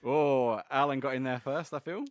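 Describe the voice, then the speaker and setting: A man's voice: medium pitch, moderate pace, no room sound, clean studio sound. Giggly, chatty male podcast host. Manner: chatty, giggly, rambling with fillers. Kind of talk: casual podcast chat.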